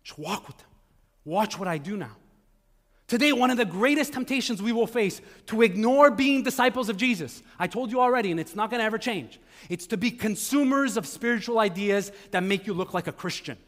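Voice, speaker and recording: A man's voice: sits high, brisk. A man preaching a sermon as pastor, talking in a loose conversational way and acting out the voices of the people he quotes. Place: church sanctuary. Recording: long reverb of a large hall.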